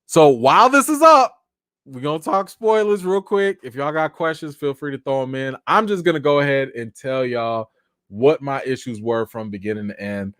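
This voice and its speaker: A man hosting a casual live chat, answering viewer comments in an animated, talkative way, and by now tired, with his voice wearing out. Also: mid-range voice, moderate pace, dry recording, studio quality. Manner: animated, chatty, thanks viewers by name. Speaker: live-stream host.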